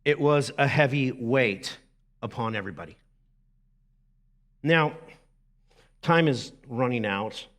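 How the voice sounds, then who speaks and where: A middle-aged man, a lead pastor preaching a sermon in a lively, conversational way with asides to the congregation. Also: mid-range voice, slow pace, pauses often.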